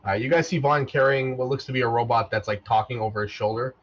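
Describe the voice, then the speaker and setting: A man narrating as the game master of a tabletop game, relaxed and loose, often repeating words as he goes. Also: medium pitch, quick pace. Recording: dull lo-fi mic.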